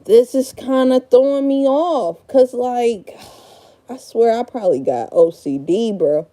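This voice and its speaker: A woman's voice: fairly high pitch, slow pace, dark tone. A woman in her thirties in casual livestream chat, rambling, swearing and frazzled as she talks to herself while sorting out a room. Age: 30s. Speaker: live streamer.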